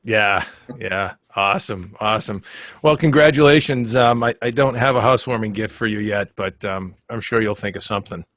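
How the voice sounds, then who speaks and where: A man's voice: on the low side, moderate pace, a bit bright, dry recording, studio quality. A man hosting a casual tech webcast, joking with his co-hosts and often repeating words while he thinks. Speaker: podcast host.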